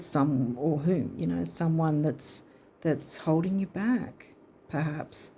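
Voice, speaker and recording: Woman card reader, mellow low voice, chatty, thinks aloud as she goes. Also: slight background noise. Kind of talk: casual spoken reading.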